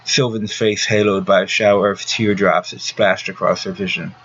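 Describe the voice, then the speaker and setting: A man narrating a gothic novel as an audiobook reader, reading at a steady, even pace. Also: lowish voice, moderate pace. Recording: dull lo-fi recording with faint hiss.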